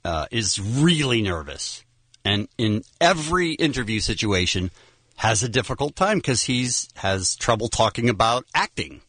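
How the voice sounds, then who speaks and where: A man's voice: fairly low pitch, very animated, a little slow, a bit bright, breathy edge, no echo. Man telling a self-deprecating story. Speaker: radio show host. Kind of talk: casual chat.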